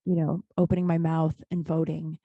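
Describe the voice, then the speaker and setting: A woman's voice: low voice, little pitch movement, normal speed, no room sound, narrow, tinny audio. A woman hosting her own podcast in a casual solo monologue, blunt and swearing freely, rambling with many restarts, recorded in a small closet at home. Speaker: podcast host.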